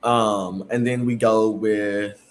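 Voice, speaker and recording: A man's voice: fairly low pitch, steady tone, takes it slowly, a little hiss or hum. Rambling man recapping reality TV. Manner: chatty, rambling, full of fillers. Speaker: podcast host.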